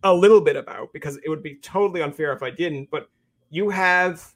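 A man's voice: a little high, brisk. A man hosting a podcast, chatting casually and acting out quoted remarks as he tells stories. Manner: animated storyteller, acts out quotes. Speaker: podcast host. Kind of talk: casual interview chat.

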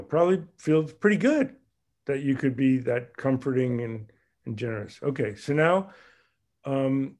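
A man leading a group exercise over a video call, talking in an animated way and acting out little voices with big jumps in pitch. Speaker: group leader.

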